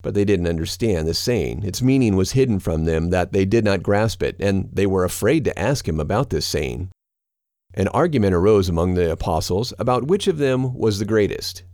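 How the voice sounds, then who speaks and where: Low-voiced man reading scripture. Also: lively intonation, moderate pace, darkish tone, dry recording, clean studio sound. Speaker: narrator.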